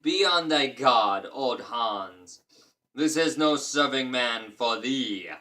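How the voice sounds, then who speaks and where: A man voicing a huge, boastful, dim-witted male giant, speaking loudly and slowly in a booming voice. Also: expressive. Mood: gruff. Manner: loud, slow, booming.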